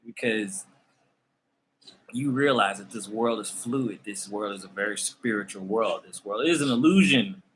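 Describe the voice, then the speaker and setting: A man's voice: lowish voice, pushed and bright, slight background noise, low-quality recording. A man hosting a tarot channel who talks to his viewers in a loose, conversational spiritual rant, often laughing. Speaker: tarot reader and channel host.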